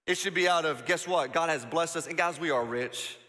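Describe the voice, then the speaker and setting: A man preaching to his congregation with a high, bright, forceful voice that carries a long reverb through a church auditorium. He talks conversationally and keeps asking rhetorical questions, swinging between emphatic passages and hushed, intimate ones. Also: brisk. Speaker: pastor. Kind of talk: sermon.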